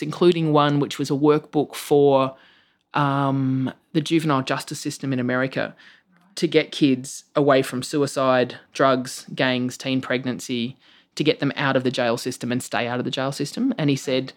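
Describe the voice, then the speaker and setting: An Australian stand-up comedian telling lively, profane stories in casual conversation, often jumping up high to act out quotes. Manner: animated, swears freely, jumps into high-pitched acted quotes.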